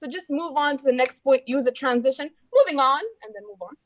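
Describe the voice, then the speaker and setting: A woman's voice: sits high, fast talker, dry recording, poor audio. A woman reports filler-word counts to her speaking club in a chatty, encouraging way and calls people dear. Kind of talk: friendly report and breathing exercise.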